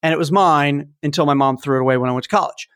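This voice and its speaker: Animated storytelling man, fairly high voice. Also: very fast, smooth. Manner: animated storytelling, acts out toy sounds. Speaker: podcast host. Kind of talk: casual chat.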